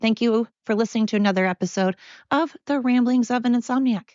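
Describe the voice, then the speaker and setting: A woman's voice: on the high side, fast, darkish tone, no echo, dull audio. Blunt, sarcastic older woman ranting. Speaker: podcast host. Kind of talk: solo podcast rant. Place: home.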